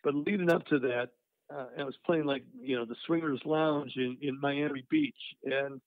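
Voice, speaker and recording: A man's voice: mid-range voice, steady tone, normal speed, no room sound. An older man, a musician guest, telling career stories in a rambling way full of "you know" and "uh". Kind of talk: casual storytelling interview. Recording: dry, tinny phone-line sound.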